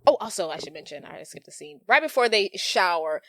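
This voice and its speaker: A woman's voice: mid-range voice, a little fast, no echo, clean studio sound. A woman co-hosting a podcast, casually retelling a movie plot, acting out the lines and saying "like" often. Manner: animated storyteller, acts out quotes, lots of "like". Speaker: podcast co-host.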